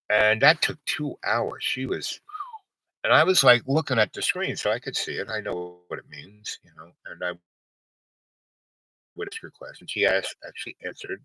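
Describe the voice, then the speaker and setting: Bright-toned rambling man telling a story. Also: on the low side, no echo, rough recording. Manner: meandering, full of fillers and restarts; acts out other people's lines with a raised voice. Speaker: vlog host telling a personal story.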